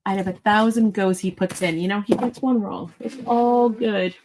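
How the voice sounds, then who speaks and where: A chatty woman hosts a live online sale, her voice sitting at an ordinary middle pitch. She is bubbly and thinks aloud as she talks. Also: steady tone, moderate pace, a little mellow, a little hiss or hum, low-quality recording. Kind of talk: casual live-sale chat.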